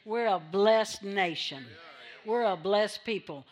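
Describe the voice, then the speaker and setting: A woman's voice: mid-range voice, slow. A woman pastor preaching a sermon in church, repeating phrases for emphasis and drawing amens from the congregation.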